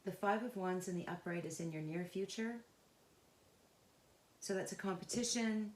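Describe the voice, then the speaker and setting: A woman with a fairly low voice gives an unscripted tarot reading. She speaks in a halting, searching way, pausing and restarting as she feels her way through the cards, earnest and emotionally invested. The sound carries a noticeable room echo. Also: steady tone, slight background noise. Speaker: tarot reader.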